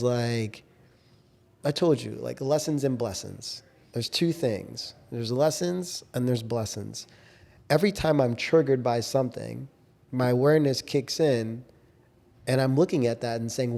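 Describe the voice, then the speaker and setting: A man's voice: mid-range voice, measured pace, vocal fry, warm tone. A young adult man co-hosting a podcast, speaking in a reflective, earnest, coaching way. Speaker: podcast co-host. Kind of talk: casual chat.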